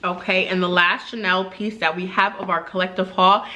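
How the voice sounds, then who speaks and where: A woman's voice: fairly low pitch, steady tone, moderate pace, sharp tone. A young woman vlogging a beauty and luxury haul, chatty and enthusiastic, talking straight to her viewers. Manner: chatty and enthusiastic, many fillers and asides to viewers. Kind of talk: casual haul vlog talk to camera.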